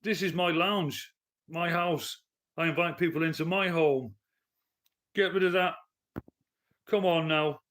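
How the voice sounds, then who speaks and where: A man's voice: on the high side, a little slow, pauses often, fairly bright tone. A man, ranting bluntly and with swearing to his live-stream chat from his living room. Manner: blunt, profane, heated. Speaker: livestreamer and commentator.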